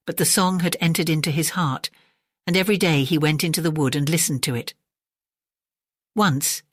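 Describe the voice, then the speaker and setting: A woman narrating a soothing bedtime fairy tale as a storyteller, gentle and unhurried. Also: low-pitched, no room sound, clean studio sound.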